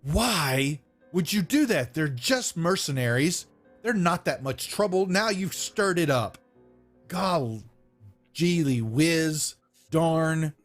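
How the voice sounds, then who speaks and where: A man's voice: a little high, sing-song, slow, fairly bright tone, faint music behind, pitched above the performer's own voice, exaggerated voice. A man voicing a pompous, stubborn town master in a tabletop game, with blustery, officious talk. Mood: flustered.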